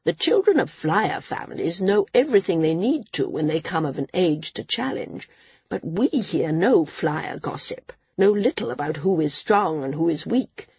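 A woman's voice: fairly low pitch, a little mellow, breathy edge, no echo, muffled recording, heavily acted. A woman voicing a stern, caring older teacher who speaks firmly, in a storybook reading. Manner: firm, commanding.

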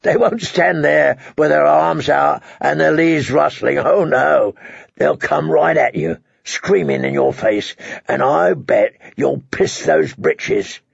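A man plays a spiteful, bitter dog handler in a storybook reading. He talks with scorn and a gravelly rasp, threats said slowly. The sound is dry and dull. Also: on the high side, no echo, exaggerated voice. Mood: sneering, bitter. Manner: sneering, scornful.

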